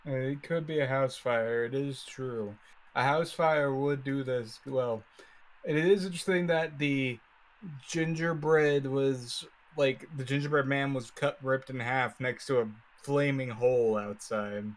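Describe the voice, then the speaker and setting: A man's voice: mid-range voice, measured pace. A man co-playing a game on stream, musing casually with lots of fillers and swearing. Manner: laid-back, swearing, filler-heavy musing. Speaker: co-player on stream. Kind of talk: casual let's-play commentary.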